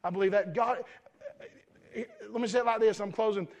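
A man's voice: sits high, fairly even intonation, moderate pace, darkish tone. A male preacher giving an earnest sermon, often repeating and restarting his words, then leading a closing prayer.

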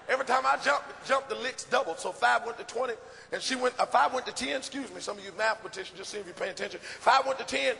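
A man doing stand-up comedy, telling an animated story and acting out scenes on stage. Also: extremely high pitch, rapid-fire, creaky, slight background noise. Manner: animated, acts out scenes, gasps and shouts. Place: stage before a live audience. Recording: live hall with audience ambience.

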